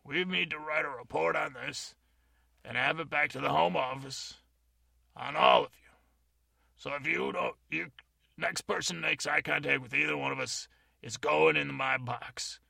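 A man's voice: mid-range voice, fairly even intonation, a little fast, creaky, bright, forceful tone, dry recording, studio quality, full character voice. A man voicing a bossy, pompous old-time man who guards a box and acts like an official inspector.

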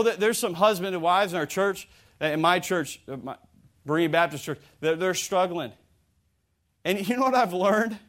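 A male preacher with a high voice gives a lively sermon. He stumbles over his words and restarts them, then acts out the people he quotes.

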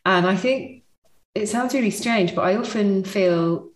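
A woman hosting a podcast, speaking in a gentle, reflective way. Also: mid-range voice, unhurried, roomy sound. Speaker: podcast host. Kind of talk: podcast interview.

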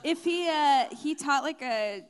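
A woman's voice: sits high, lively intonation, measured pace. A woman co-hosting a podcast, chatty and giggly with many fillers in casual talk. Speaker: podcast co-host. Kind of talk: casual chat.

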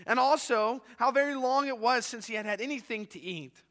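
Pastor, male, high bright voice, dramatic storyteller, long reverb of a church. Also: brisk. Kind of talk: sermon with expressive reading aloud.

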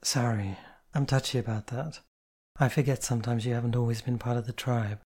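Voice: medium pitch, steady tone, brisk, a little mellow, lightly acted. A reader voicing a motherly, weary woman who sighs and speaks bluntly. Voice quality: sighing, blunt. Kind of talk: audiobook character voice.

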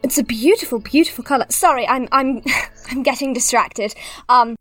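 A woman runs a tabletop game with a fairly high voice, often stopping mid-sentence to search for words and filling gaps with ums. Music plays clearly in the background. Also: moderate pace, a bit bright, no echo. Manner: rambling, searches for words with many fillers. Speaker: game master.

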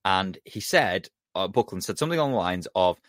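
Blunt, low-voiced man. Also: expressive, brisk, fairly bright tone, dry recording, studio quality. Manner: blunt, sweary, mocking. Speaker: podcast co-host. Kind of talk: casual sports chat.

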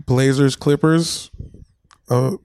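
A young man co-hosting a casual podcast, animated and swearing freely as he tells stories. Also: mid-range voice, takes it slowly, over a noisy crowd. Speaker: podcast co-host.

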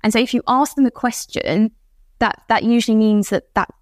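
A woman's voice: fairly high pitch, a little fast, dry recording, clean studio sound. Articulate British woman explaining politics. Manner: articulate, explanatory, acts out quoted speakers. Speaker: think tank policy expert, guest. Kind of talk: podcast conversation.

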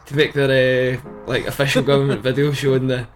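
A man's voice: medium pitch, little pitch movement, fairly quick, soft background music. Man telling a funny news bit. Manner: hesitant, chuckling, lots of fillers. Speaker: podcast co-host. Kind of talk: casual chat.

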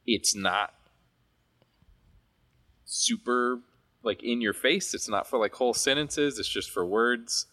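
A man co-hosting a podcast, chatting casually and telling stories with animated asides. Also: medium pitch, takes it slowly, pauses often. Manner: chatty, animated storytelling with laughs. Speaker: podcast co-host. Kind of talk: casual chat.

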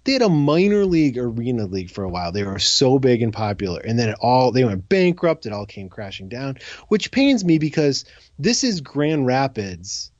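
Animated man ranting on a podcast. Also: mid-range voice, normal speed, dry recording, muffled recording. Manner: animated, jokey rants. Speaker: podcast co-host. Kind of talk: casual chat.

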